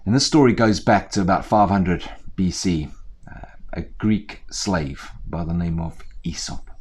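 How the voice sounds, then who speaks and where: A man storyteller talking to viewers in a lively, chatty way with playful asides, indoors on a small theatre set. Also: sits low, unhurried, slightly rough.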